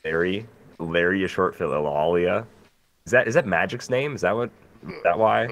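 A man hosts a casual podcast in a low voice. He banters easily and keeps things loose and jokey. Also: normal speed. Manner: relaxed, jokey, easygoing banter. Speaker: podcast host.

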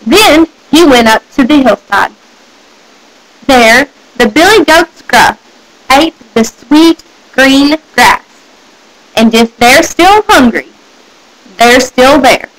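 A woman's voice: sits high, lively intonation, takes it slowly, pauses often, fairly bright tone, rough recording. A young woman, a student, reading a fairy tale aloud with careful storybook delivery. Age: young adult. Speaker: student reader.

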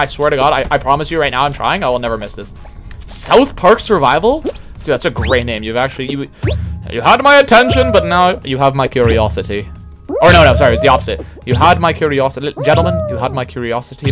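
A man streaming a platform game, talking casually in an excitable, boastful way with sudden yelps. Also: mid-range voice. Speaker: livestreamer. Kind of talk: casual gaming commentary.

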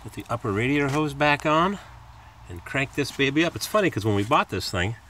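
A man's voice: animated, a little fast, bright, forceful tone, slight background noise. Rambling man fixing his car. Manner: rambling, chatty, imitates squeaks in a high voice. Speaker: car repair video maker. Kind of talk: casual hands-on repair talk. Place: outdoors by a car in a driveway. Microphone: phone camera held in hand.

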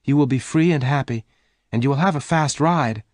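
A man voicing Jane, an eager, warm-hearted young woman, in a higher, excited voice. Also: a little fast, no room sound, studio quality, lightly acted. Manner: raised pitch, excited exclamations.

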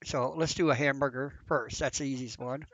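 A man's voice: mid-range voice, fairly even intonation, a little fast, fairly bright tone, dry recording. Flustered man narrating his gameplay. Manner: chatty, flustered, thinking aloud. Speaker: gameplay commentator. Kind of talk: casual game commentary. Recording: dull, lo-fi, dry sound.

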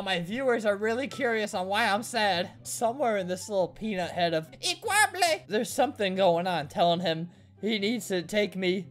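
Man, joking game commentary, mock-sad and sarcastic, laughs a lot, faint music behind. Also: sits high. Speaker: gaming commentator.

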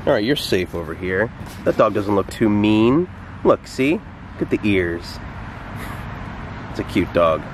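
A man's voice: fairly low pitch, sing-song, a little slow, pauses often, slight background noise. Playful man at an outdoor dog park. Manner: playful, teasing talk to his dog. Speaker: vlogger. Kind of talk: casual vlog narration.

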